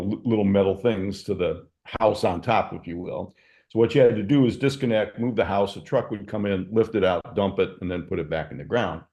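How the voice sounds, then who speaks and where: An older entrepreneur from Michigan, USA, guests on a storytelling interview, sharing reflective anecdotes with frequent verbal fillers. His voice is lowish and a little mellow.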